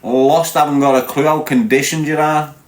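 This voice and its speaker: A man's voice: on the high side, fairly even intonation, normal speed. A man in his forties with a Scouse accent, bantering crudely with his live-stream chat. He swears constantly and teases his viewers. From Liverpool, England. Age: 40s. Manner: brash, swearing, teasing viewers.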